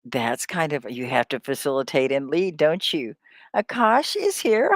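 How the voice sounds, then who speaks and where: A woman teaching an English lesson on a live stream, drilling words slowly and cheering on her students. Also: sits low, big pitch swings, no echo, clean studio sound. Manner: slow, drawn-out word drills; upbeat, encouraging. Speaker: ESL teacher.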